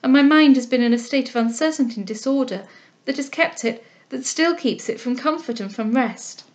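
A woman voicing a gentle, composed young lady. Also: high voice, a little fast, lightly acted. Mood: gentle, earnest. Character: composed, kind young heiress.

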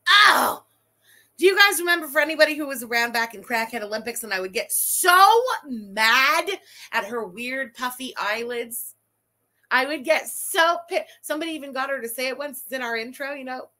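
A woman's voice: high voice, a little fast, bright, forceful tone. A woman streamer giving profane, mocking, sarcastic reaction commentary during a live stream.

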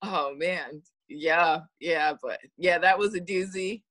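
An American model and actress chats as a guest in a casual interview, telling lively stories, acting out quotes, and laughing often. Her lowish voice moves slowly, with no echo.

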